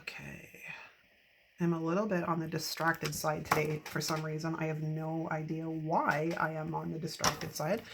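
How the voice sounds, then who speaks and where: A woman in her fifties talks through her planner work in a chatty, rambling way, laughing often. Her voice sits low and carries a gravelly edge. A steady hiss of background noise runs under the recording. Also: normal speed. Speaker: planner vlogger. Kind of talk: casual chat while decorating a planner.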